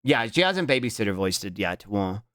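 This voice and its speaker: A man's voice: fairly quick, dry recording, clean studio sound. A man streaming, chatting casually and teasing his guest, swearing often. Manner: playful, teasing, swears often, lively swoops in pitch.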